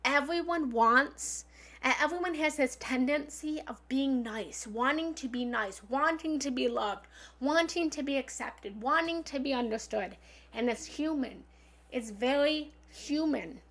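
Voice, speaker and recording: Blunt woman love coach on a live stream, voice on the higher side, goes loud then soft, swears now and then. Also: unhurried. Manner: emphatic, swinging from loud bursts to soft asides. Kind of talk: livestream self-help coaching talk.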